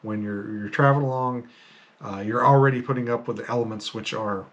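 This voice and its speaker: A man's voice: mid-range voice, steady tone, fairly quick, a bit bright. Rambling, hesitant man telling stories. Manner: rambling, hesitant, many fillers and restarts. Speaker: podcast host. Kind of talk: casual storytelling monologue.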